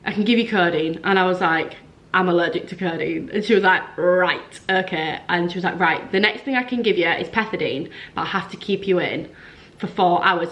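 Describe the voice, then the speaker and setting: Young woman, vlogger, slightly low voice, chatty storytelling with lots of "like". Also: quick pace, fairly bright tone. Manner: chatty, frequent "like", acts out quoted dialogue. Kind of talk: casual storytelling to camera.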